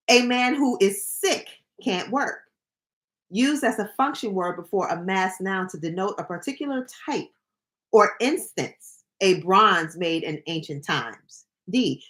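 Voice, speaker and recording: A young woman hosting a livestream, reading dictionary entries aloud and breaking in with jokey, playful asides. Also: medium pitch. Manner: animated, jokey asides between read definitions.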